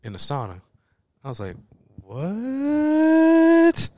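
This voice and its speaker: A man's voice: fairly low pitch, normal speed, no room sound. A young man in his twenties chatting casually as a co-host, rambling through stories with many fillers. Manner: rambling storyteller with lots of fillers, bursts of laughter. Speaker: podcast co-host. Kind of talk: casual chat.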